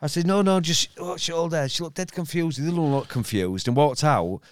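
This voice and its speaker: A man's voice: on the high side, a little fast, no echo, studio quality. A man, telling a rambling, stop-start anecdote full of repeats and swearing on a podcast. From Hull, England. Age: 50s. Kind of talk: casual chat, anecdote telling.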